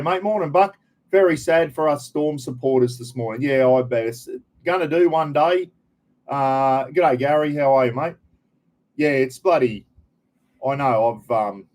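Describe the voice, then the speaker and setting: An older Australian man hosts a relaxed live stream. He talks in a chatty, blokey way, greets his viewers one by one and drops casual slang. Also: medium pitch, poor audio. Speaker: livestream host.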